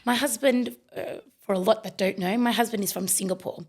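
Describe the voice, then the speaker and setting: A middle-aged woman, a guest in a conversational interview, telling family stories with lively acted-out quotes. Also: mid-range voice, fairly quick. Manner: animated storyteller, acts out family quotes.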